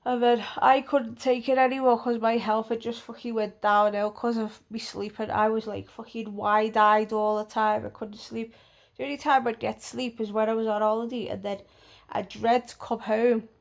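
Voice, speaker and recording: A woman's voice: a little high, level tone, moderate pace, vocal fry. A woman telling a storytime vlog bluntly, with plenty of swearing. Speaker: vlogger.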